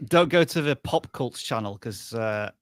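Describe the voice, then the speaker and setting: A man's voice: medium pitch, lively intonation, normal speed, fairly bright tone, dry recording. A man co-hosting a live-stream of channel reviews, chatting in an easygoing, wry way. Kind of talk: casual live-stream banter.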